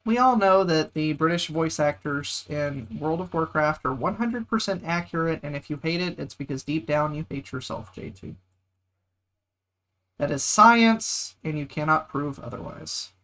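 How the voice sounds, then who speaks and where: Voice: medium pitch, normal speed, few pauses, fairly bright tone. A streamer, joking and chatting casually during a game. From United States. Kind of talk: casual gameplay chat.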